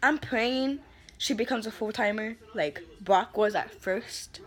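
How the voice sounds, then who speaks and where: A woman's voice: a little high, slow pace, fairly bright tone. Fired-up young woman ranting with sass. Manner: profane, fired-up, sassy, calls people honey. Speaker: vlogger ranting about wrestling. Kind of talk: heated casual rant.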